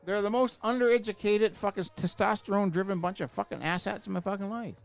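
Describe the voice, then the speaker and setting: A man talks fast and a little high, swearing at nearly every turn as he makes his point. His delivery is heated and emphatic, with soft music under the casual podcast chat. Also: gravelly. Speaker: podcast co-host.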